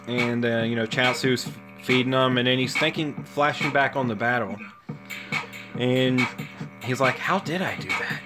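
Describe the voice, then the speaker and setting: A man casually retelling a cartoon story, rambling and halting with lots of fillers. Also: mid-range voice. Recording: music playing under the voice.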